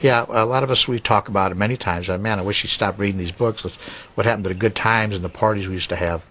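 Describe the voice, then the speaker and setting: A man interviewed for a documentary, recalling the past in a halting, reflective way. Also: lowish voice, bright, forceful tone.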